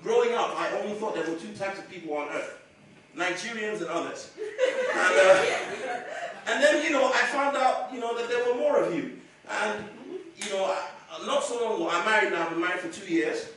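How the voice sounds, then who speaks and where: High-voiced man doing stand-up, echoey club. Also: expressive, moderate pace. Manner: chatty, teasing, laughing through the jokes. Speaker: stand-up comedian. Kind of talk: stand-up comedy. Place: comedy club stage. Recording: echoey room from far off with crowd. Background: audience laughter.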